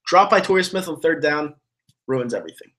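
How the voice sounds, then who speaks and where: A man's voice: fairly high pitch, animated, fairly quick, a bit bright. A man ranting angrily about his football team while answering viewers' comments, swearing a lot and stumbling over his words. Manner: angry, profane, rambling with restarts. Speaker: sports fan streamer answering chat. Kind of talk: ranting live stream commentary.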